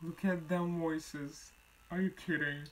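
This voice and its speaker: A reaction video host talking casually while watching a music video, exclaiming often in simple, halting phrases. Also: mid-range voice, poor audio. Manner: excited, exclaims repeatedly.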